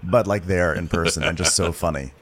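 Wry man with a lowish voice. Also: steady tone, fairly quick, noisy background. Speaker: podcast co-host. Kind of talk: casual recap chat.

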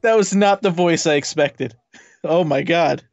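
A man's voice: fairly high pitch, no echo, muffled recording. A man with a slightly raised voice chuckles through casual podcast banter, adding short quips. The sound is dry and close. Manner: laughs along, quick quips. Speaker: podcast guest. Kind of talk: casual chat.

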